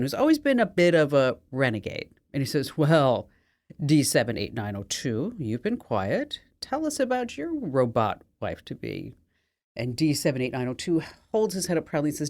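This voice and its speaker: Low-pitched woman host, playful and chatty, tells jokes with relish. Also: sing-song, fairly quick. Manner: playful joke-telling, laughs easily. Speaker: podcast host. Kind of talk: casual chat.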